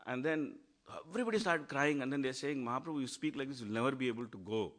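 Animated man giving a devotional talk. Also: fast talker. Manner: animated storytelling, acts out quotes with rising pitch. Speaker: speaker at a devotional class.

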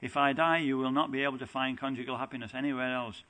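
A lovesick young goddess begs her beloved not to leave her, her words carried by a plain, earnest reading voice of middling pitch, as a man reads her part aloud. It is a scripture recitation, not stage acting. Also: steady tone, fast, bright, forceful tone, natural voice, rough recording. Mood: pleading.

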